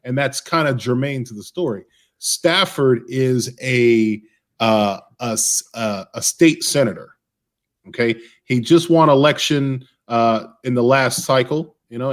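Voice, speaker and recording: A man appearing as a guest author on a video call, making up a comic story on the spot, with halting starts and many fillers. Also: medium pitch.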